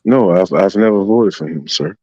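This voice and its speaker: A man with a very low voice talks in loose, rambling casual chat, repeating his filler phrases. The sound is dull and dry. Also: moderate pace, darkish tone, dry recording. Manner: rambling, repeats "you know what I'm saying".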